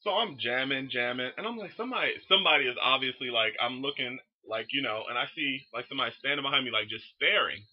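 A young man casually telling a story to camera in an excitable, profane, animated way. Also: medium pitch, fast, hardly any pauses, breathy edge, dull audio. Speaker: vlogger.

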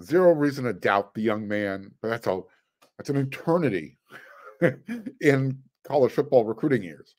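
A man's voice: medium pitch, darkish tone. Chatty male sports podcast host. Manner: chatty, with fillers and frequent restarts; dry sarcastic asides. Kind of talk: casual commentary.

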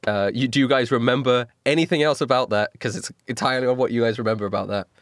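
A man's voice: mid-range voice, fast talker, dry recording, clean studio sound. A man running a tabletop game as game master, recapping events in a casual, laughing way with fillers.

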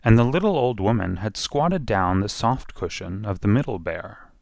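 A man's voice: lowish voice, animated, moderate pace, darkish tone, no room sound. A man narrating a children's storybook expressively, drawing out repeated phrases.

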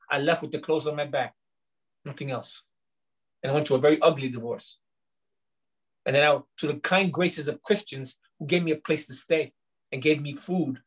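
Middle-aged pastor guy from new york, kinda high voice, preaching and acting out his own stories to a small group. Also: breathy edge, rough recording. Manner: animated storyteller, acts out dialogue. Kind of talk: teaching sermon with personal testimony.

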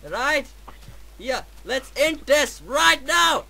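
A man with a Danish accent, hosting a gameplay video with dramatic, excitable commentary and shouts. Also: extremely high pitch, measured pace, long pauses, background noise. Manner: dramatic, yelps and shouts at the game.

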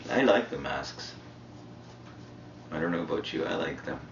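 Man, Indian English accent, very low voice, laid-back and swearing, muffled roomy house-camera audio with clear background noise. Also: expressive, moderate pace. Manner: laid-back, profane, rambling. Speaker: reality show contestant. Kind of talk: casual chat. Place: indoors in a shared house.

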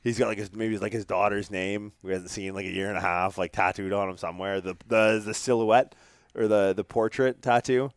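A man's voice: fairly low pitch, brisk, smooth, no echo. A man, hosting a podcast and telling rambling, profane stories in casual chat. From Canada. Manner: profane, rambling, energetic storytelling. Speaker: podcast host.

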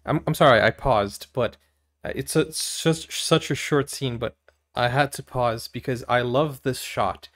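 A Brazilian man hosts casual movie reaction commentary, chatty and giggly, with animated exclamations. His pitch is medium and he talks a little slowly.

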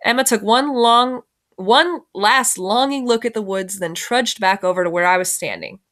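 A woman's voice: mid-range voice, normal speed, fairly bright tone. Woman teacher reading a novel aloud. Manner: plain storytelling, self-corrections.

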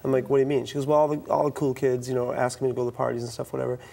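Racing through his stories, a middle-aged youth speaker from the US East Coast appears on a talk show with a gravelly, mid-pitched voice. He's animated, acts out the other people's lines, and restarts his sentences often.

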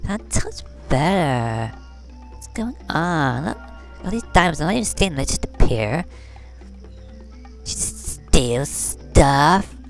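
A woman's voice: low-pitched, lively intonation, takes it slowly, long pauses, faint music behind, full character voice. A woman voicing a vain, catty fashion doll who talks in valley-girl slang and brags while commenting on a game. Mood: boastful. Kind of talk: comedic game commentary in character.

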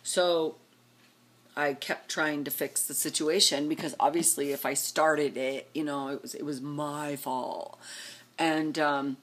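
A woman vlogger telling a casual story, animated and acting out what people said with big jumps in her voice. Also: slow pace. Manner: animated, acts out quotes with big pitch jumps.

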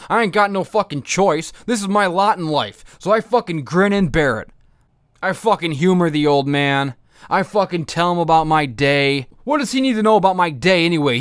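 A man's voice: high-pitched, a bit bright, smooth, no echo, studio quality. A man voicing a foul-mouthed, bitter young female robot pilot in a profane, self-pitying comedic monologue. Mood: bitter ranting.

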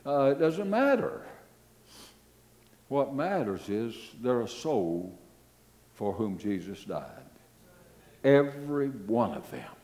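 Slow-paced with long pauses, an older pastor delivers a sermon in a medium-pitched voice. He tells stories animatedly, repeating phrases and leaning on hesitant fillers.

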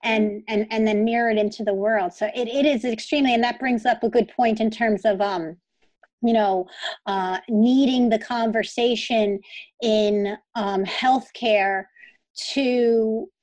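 A woman's voice: fairly high pitch, fairly even intonation, a little slow, darkish tone, no echo, rough recording. A woman hosting a podcast, responding supportively and rambling through her points in casual interview chat. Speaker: podcast host. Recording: dry close sound.

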